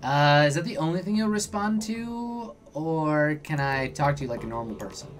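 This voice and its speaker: A man's voice: a little high, normal speed, few pauses, faint music behind. A man hosting a live let's play stream. He comments on the game and reads its text in a casual, chatty way.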